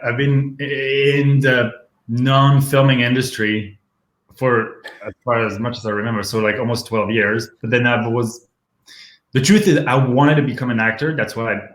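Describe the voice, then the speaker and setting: A man's voice: medium pitch, a bit bright. French-accented man, candid and laughing, roomy sound. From France. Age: around 30. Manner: laughs often, candid and joking. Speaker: guest. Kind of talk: casual interview chat. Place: home kitchen. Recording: roomy home kitchen sound.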